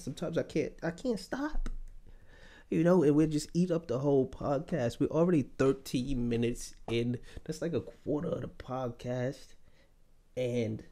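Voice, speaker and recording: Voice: medium pitch, a little mellow. A podcast host in casual chat, joking and swearing freely while reacting to clips.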